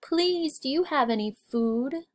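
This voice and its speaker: An eager young boy from a storybook, as a woman reader puts him on, calling out in a raised, bright voice. His lines jump up in pitch and come out loud and excited. The pace stays slow and careful.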